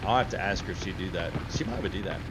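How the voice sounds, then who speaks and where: A man's voice: low voice, fast, heavy background noise. A man hosting a gaming livestream, chatting casually and reading chat aloud. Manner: chatty, laughs often, reads chat aloud.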